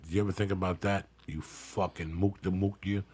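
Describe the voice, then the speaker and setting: A man hosting a comedy podcast in a studio, ranting loudly with constant profanity. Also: low voice, fairly even intonation, a little fast, breathy edge. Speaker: podcast host.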